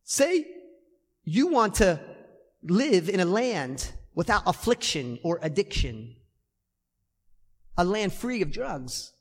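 A pastor preaches in a church hall with long reverb, using a high, sing-song voice at a slow pace with long pauses. He is emphatic and keeps repeating key phrases.

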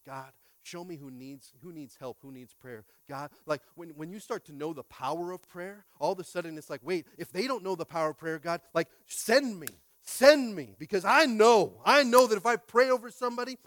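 A man preaching an energetic sermon as pastor, swinging from hushed prayer to loud calls and often asking the congregation to respond. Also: fairly high pitch, no room sound.

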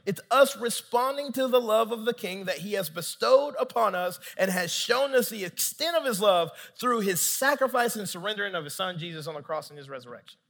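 A male pastor with a high, bright voice delivers a sermon in an animated, humorous storytelling way. He keeps turning to the congregation with playful asides. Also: big-room sound.

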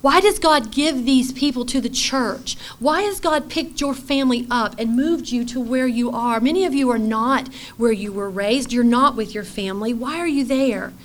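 A middle-aged woman delivers a sermon in a fairly high voice. She speaks earnestly, swinging between firm, ringing declarations and quiet, hushed passages. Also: normal speed, few pauses. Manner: earnest, shifts between bold declaration and soft hushed tones. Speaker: pastor's wife speaking to women.

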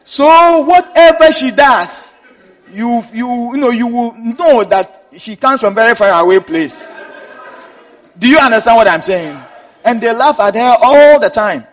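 A man preaches a sermon in a slow, deliberate way, stretching his phrases for emphasis. His voice sits strikingly high and swings widely in pitch. He breaks into chuckles along the way. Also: lively intonation, long reverb tail. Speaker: pastor.

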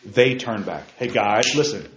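A man preaching a sermon to young people, lively, calling listeners by name and asking them questions, swinging from loud outbursts to hushed asides. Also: on the low side, unhurried, echoey room, highs cut off. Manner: addresses listeners by name, asks rhetorical questions. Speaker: youth preacher.

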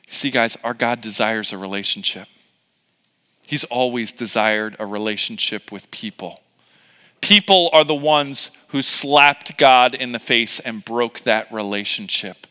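A man preaching a sermon, retelling scripture and acting out its characters in casual, animated voices. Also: mid-range voice, measured pace, clean tone. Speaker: pastor. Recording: long hall reverb.

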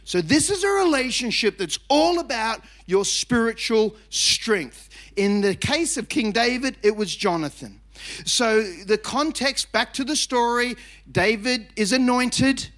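Man, middle-aged, pastor, high-pitched, emphatic, chatty, self-mocking, energetic sermon. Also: measured pace. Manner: emphatic, with shouted rises and repeated phrases.

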